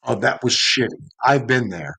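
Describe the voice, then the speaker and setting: A male guest talking loosely over drinks, emphatic and quick to give his opinions. His pitch swings a lot as he presses a point. The sound is dry and close. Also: expressive, gravelly, pushed and bright, slightly rough, no echo, low-quality recording. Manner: emphatic, opinionated, repeats himself. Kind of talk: casual tipsy chat.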